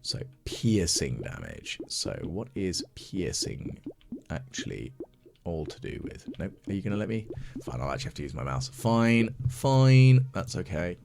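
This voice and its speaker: A man's voice: deep voice, big pitch swings, measured pace, creaky. A man giving chatty ASMR gaming commentary as a let's play host, thinking aloud and mocking his own mistakes. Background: game music.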